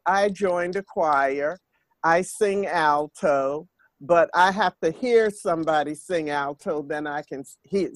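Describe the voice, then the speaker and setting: A woman's voice: lowish voice, no echo. An older woman hosting a faith podcast, speaking in an earnest, repetitive preaching cadence. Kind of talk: spiritual talk monologue.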